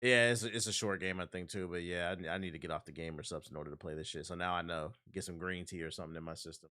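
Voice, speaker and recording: A male game streamer giving casual gaming commentary, excitable and profane, with loud outbursts. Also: low voice, quick pace. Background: game music.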